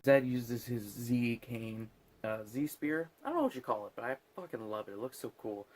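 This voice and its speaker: A man's voice: mid-range voice, animated, moderate pace, darkish tone. A drunk man hosting a casual movie recap, rambling and swearing as he goes. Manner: rambling, swearing, laughing at his own jokes.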